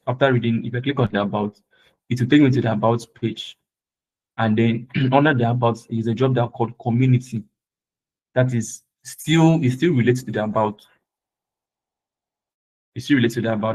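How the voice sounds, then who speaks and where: A man's voice: mid-range voice, a little mellow, rough recording. A man teaching a live web design class, patiently repeating points and often checking that his students are following. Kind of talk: live screen-share tutorial.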